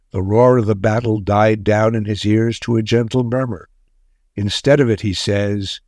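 A man narrating a wartime tale in a measured, grave storytelling manner. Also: medium pitch, darkish tone, no echo, studio quality.

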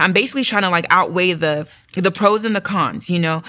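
A woman's voice: mid-range voice, brisk, hardly any pauses, sharp tone. A young woman giving a personal testimony in an interview, telling her story with animation and acting out what she said back then. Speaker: guest sharing testimony.

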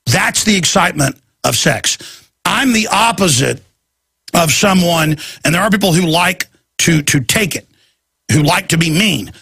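A man's voice: high-pitched, expressive, a little slow, creaky, bright, forceful tone, breathy edge, dry recording. A man hosting a talk show, delivering a rambling, ranting monologue full of restarts and stammers, acting out other people's voices. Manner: acts out quoted people in shifting voices.

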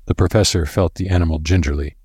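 A man narrating a story in a measured, steady way. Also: low-pitched, breathy edge, no echo, clean studio sound. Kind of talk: scripted narration.

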